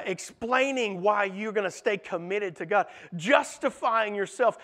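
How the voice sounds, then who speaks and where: A man's voice: extremely high pitch, fairly bright tone. A man preaching a sermon in an earnest way, asking his listeners rhetorical questions.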